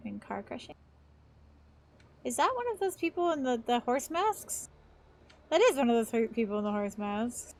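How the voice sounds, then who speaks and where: A woman's voice: a little high, very animated, normal speed, long pauses, darkish tone. A woman streamer chatting casually on a live stream, swearing freely as she plays.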